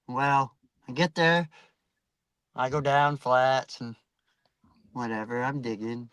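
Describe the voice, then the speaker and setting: A man's voice: medium pitch, a little slow, long pauses, fairly bright tone, no echo, poor audio. A man telling a rambling, profanity-heavy story in casual chat, acting out the voices of people he quotes.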